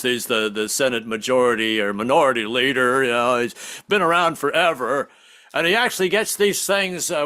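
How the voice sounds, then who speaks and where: A man doing a rambling stand-up comedy set over a video call, slipping into quick impressions. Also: high-pitched, a bit bright.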